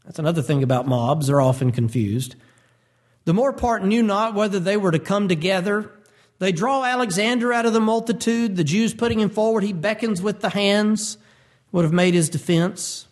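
Male preacher, high voice, lively storytelling delivery, reads scripture then explains it. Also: normal speed. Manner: animated, acts out voices and quotes. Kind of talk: expository sermon.

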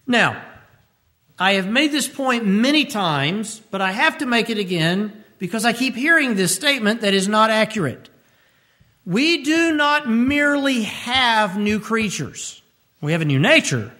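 A man preaching a radio sermon as pastor, repeating key phrases and rising sharply in pitch when he stresses a point. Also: sing-song, measured pace, bright, forceful tone.

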